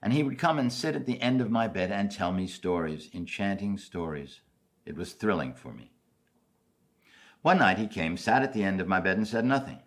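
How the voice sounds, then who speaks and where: An older man from New York City giving a commencement speech as an animated storyteller, swinging from loud highs to soft asides. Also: moderate pace. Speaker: commencement speaker.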